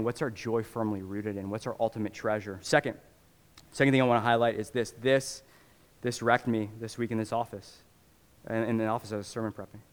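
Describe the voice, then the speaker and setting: A male pastor preaches with passion, swinging from hushed, earnest stretches to loud, pleading bursts. His voice sits at an everyday middle pitch. The sound carries a long reverb, as in a church sanctuary. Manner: impassioned, acts out voices of believers, rising to shouts. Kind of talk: sermon.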